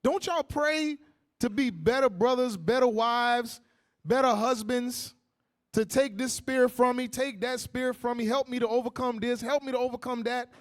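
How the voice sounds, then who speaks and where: A man teaching the Bible in a casual, joking, animated way, often acting out voices. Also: very high-pitched, moderate pace. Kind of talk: street-style Bible teaching.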